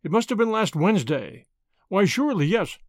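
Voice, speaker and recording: A man's voice: sits high, sing-song, fairly quick, dry recording, studio quality. A man doing a polite, bewildered doctor. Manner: polite, hesitant. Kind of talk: audiobook character reading.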